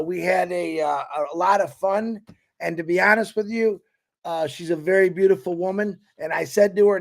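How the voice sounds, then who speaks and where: Effusive high-pitched man with gravelly voice. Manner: effusive, enthusiastic. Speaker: co-host. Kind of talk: live webcast introduction.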